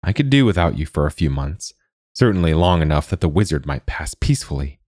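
In clean studio sound with no room echo, a man gives a full character voice that is sing-song, fairly quick and a little mellow. Reading a storybook, he plays a pompous, anxious middle-aged town mayor, speaking formally and self-importantly at a raised pitch.

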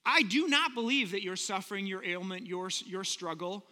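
A man preaching a sermon, retelling scripture casually and slowing down for emphasis. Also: high-pitched, expressive, sharp tone, in a large hall. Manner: casual storytelling, switching to slow emphatic delivery. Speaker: pastor.

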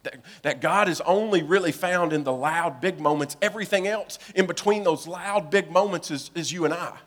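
A pastor preaching a sermon, retelling a story with acted dialogue, swinging between hushed, low lines and loud, urgent ones. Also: male voice, normal speed. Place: church sanctuary.

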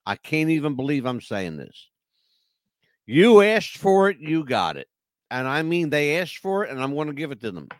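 A man's voice: on the high side, moderate pace, dry recording, studio quality. A man co-hosting a casual podcast, telling stories in a rambling, emphatic way. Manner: animated, rambling, emphatic storyteller. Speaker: podcast co-host. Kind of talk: casual chat.

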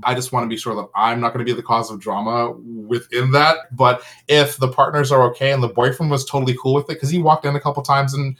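A man co-hosting a candid podcast chat, talking freely, laughing often and stumbling over his words when excited. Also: medium pitch, quick pace, few pauses.

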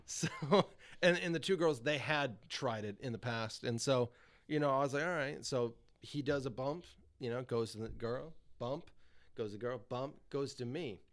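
Profane, animated male storyteller. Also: medium pitch, normal speed. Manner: profane, animated, laughs often. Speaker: podcast guest. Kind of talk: casual storytelling.

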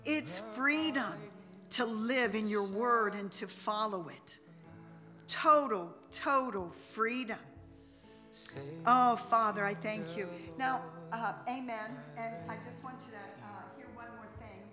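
A woman giving a heartfelt memorial tribute, talking in a halting, rambling way with many restarts. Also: fairly high pitch, over music. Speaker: family member giving a eulogy. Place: memorial service hall. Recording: long reverb of a large hall.

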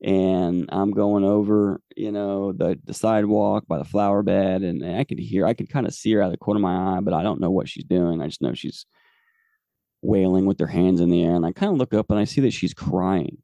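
A man's voice: sits low, fairly even intonation, a little fast, gravelly, dark tone, dry recording, muffled recording. A man in his forties, a podcast host telling a personal faith testimony in an earnest, rambling way with many fillers. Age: 40s.

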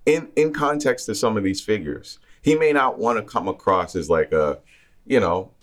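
A man with a slightly low voice talks through a film review in a halting, thoughtful way. He restarts his sentences often as he works out his point. It is casual chat between co-hosts. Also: animated. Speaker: film podcast co-host.

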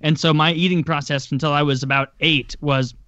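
A man's voice: on the high side, fairly even intonation, a little fast, fairly bright tone, no room sound, muffled recording. A man telling stories in casual chat, rambling with lots of filler words and the odd swear.

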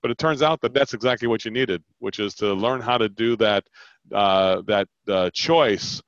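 A man with a lowish voice speaks at a moderate pace on a dry recording. He coaches a caller on sales by animatedly role-playing both sides of the call. The phone audio is dull and lo-fi.

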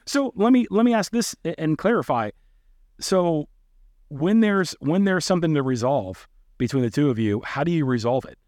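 A man's voice: fairly high pitch, expressive, normal speed, a little mellow, no echo, clean studio sound. A man hosting a casual podcast interview, asking probing questions with playful teasing and stammering restarts. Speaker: podcast host.

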